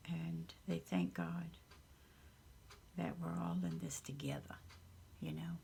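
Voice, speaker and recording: A woman from the Southern United States with a Southern accent, chatting casually in a soft, half-whispered, rambling and earnest way in her home craft room. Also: on the low side, flat delivery, slow, gravelly, slight background noise. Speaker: craft channel host. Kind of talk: casual chat.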